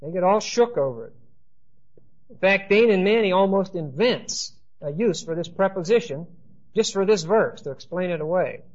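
A man teaching a Bible class, explaining slowly and checking in with his listeners with "right?" and "okay?". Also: high voice, expressive, darkish tone. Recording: dull lo-fi lecture recording.

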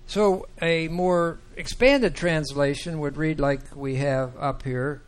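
A man teaching a Bible class, talking slowly and haltingly with many fillers and restarts. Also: on the high side, smooth. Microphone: microphone that sometimes cuts out.

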